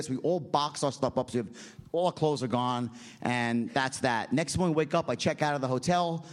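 Brash profane American man telling a story. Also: fairly high pitch. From United States. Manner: brash, profane, punctuates with "right?" and "okay?". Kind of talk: animated storytelling.

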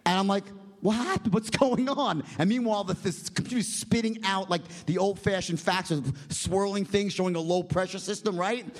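A middle-aged man telling a comic story on stage, animated and profane, with constant "right?" asides. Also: high-pitched, fairly quick, hardly any pauses.

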